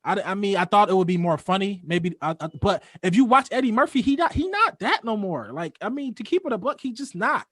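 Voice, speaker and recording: A man with a high voice rambles through a casual podcast chat, full of fillers and slang. His voice is recorded dry and close, with no room sound. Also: very animated, a little fast, hardly any pauses, fairly bright tone, dry recording. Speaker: podcast co-host.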